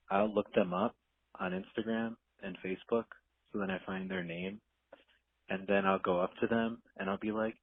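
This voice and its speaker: A man's voice: lowish voice, no room sound. A man leaving a rambling voicemail for a podcast, acting out quotes as he tells it. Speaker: caller. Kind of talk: voicemail story. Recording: tinny phone line.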